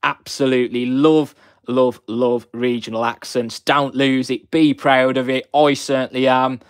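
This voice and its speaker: A young man with a broad Black Country accent hosts a live stream, greeting viewers one by one in a chatty, effusive way. His voice sits at an ordinary middle pitch. The sound is dry and close, with no room around it. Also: level tone, measured pace, clear, resonant tone, no echo. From West Midlands, England.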